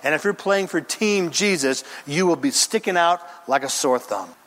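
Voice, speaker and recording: This sermon comes from a man preaching in a high, animated voice with broad pitch swings. His style is forceful and dramatic, built on pauses and rhythmic lists, and the church sanctuary adds a long reverb.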